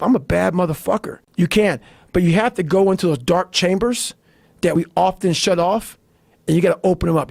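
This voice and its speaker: A middle-aged man talks in a raised, gravelly register, close and dry on the mic. He is blunt and swears constantly as he pushes a hard-edged motivational message. His delivery lurches from low growls into sudden shouted bursts. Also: no room sound. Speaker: motivational speaker. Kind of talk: intense profane monologue.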